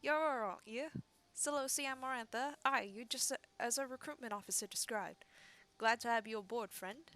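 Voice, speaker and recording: Loud commanding male naval officer, read by a woman streamer, a bit high-pitched. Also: moderate pace, lightly acted. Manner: commanding, barking orders.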